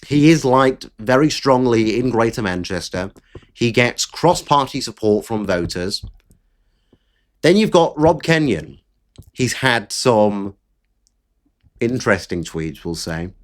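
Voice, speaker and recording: A man's voice: medium pitch, lively intonation, unhurried, pauses often. A man hosting political commentary, talking bluntly and with frequent swearing in an exasperated rant. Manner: blunt, profane, exasperated ranting.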